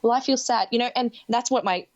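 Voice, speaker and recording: Aussie lady hosting a podcast, eager and quick, cuts herself off a lot, kinda muffled dull audio. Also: a little high. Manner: enthusiastic, talks in rapid bursts with self-interruptions. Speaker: podcast host. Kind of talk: casual podcast conversation.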